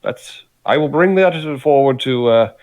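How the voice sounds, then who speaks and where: A man's voice: mid-range voice, animated, measured pace, darkish tone, no room sound, voice pushed up, poor audio. A man voicing a scaly, non-human male scholar who talks in a courteous, nerdy, formal way. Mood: polite.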